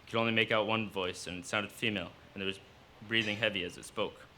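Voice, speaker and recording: A man reading his own fiction aloud at a live cafe event, in steady storytelling narration. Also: fairly low pitch, fast talker, a little hiss or hum.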